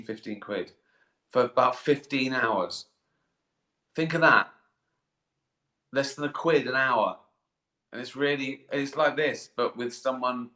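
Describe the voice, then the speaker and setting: A man's voice: medium pitch, pushed and bright. A middle-aged man chatting on a live stream from his bath, rambling, swearing and chuckling, tired and sleepy. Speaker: comedian hosting a live stream. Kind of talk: casual live-stream chat. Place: in a bath, bathroom. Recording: echoey bathroom.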